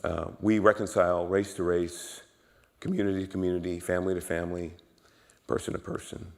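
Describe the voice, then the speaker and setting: A man preaching a sermon in a church, emphatic and repetitive, swinging from low murmurs to loud exclamations. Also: flat delivery, a little fast, long reverb tail. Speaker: guest preacher. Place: church sanctuary.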